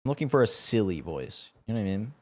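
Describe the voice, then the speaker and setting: A man's voice: lowish voice, sing-song, fast talker, darkish tone. Young guy streamer, rambly and chatty, voice swoops up and down a lot. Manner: rambling, stumbling, laughing often. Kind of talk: casual live-stream chat.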